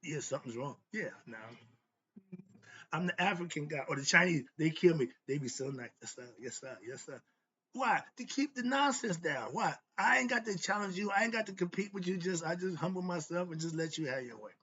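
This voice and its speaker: A man's voice: sits high, animated, brisk, bright, forceful tone, dull audio, slight background noise. A man giving a motivational philosophy talk, emphatic and preachy, in casual slang, answering his own rhetorical questions. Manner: casual street slang, laughs often. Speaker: host.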